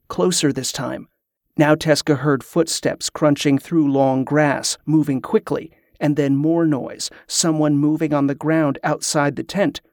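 A man narrating a fantasy novel in a steady, measured way. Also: a little high, dry recording, studio quality. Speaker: audiobook narrator.

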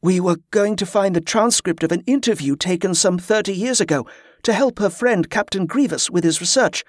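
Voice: mid-range voice, normal speed, dry recording, studio quality, pitched above the performer's own voice, natural voice. An audiobook narrator voicing a polite young man who stammers when startled. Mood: earnest.

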